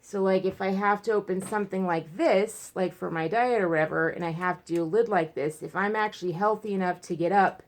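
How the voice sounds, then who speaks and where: A woman's voice: medium pitch, fairly quick, hardly any pauses. A woman talking frankly in a rambling personal vlog at home, full of fillers and restarts. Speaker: vlogger. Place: at home, indoors.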